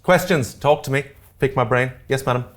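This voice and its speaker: A man with an Irish accent presenting a live workshop to a room, talking quickly and jokily and often checking in with "okay?" and "all right?". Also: medium pitch. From Ireland. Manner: fast-talking, jokey, keeps checking in with the audience. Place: community centre meeting room.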